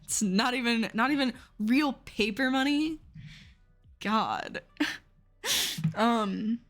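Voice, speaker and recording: A woman's voice: fairly high pitch, takes it slowly, faint music behind. A young woman from Seattle chatting casually on a live stream, talking frankly and with exasperation, swearing often. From Seattle, USA.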